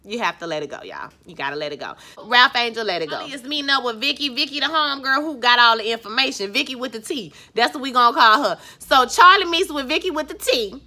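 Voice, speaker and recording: A woman's voice: sits high, lively intonation, fast, hardly any pauses, sharp tone. A woman recapping a TV episode in casual, emphatic chat, talking straight to her viewers. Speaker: TV recap vlogger; schoolteacher.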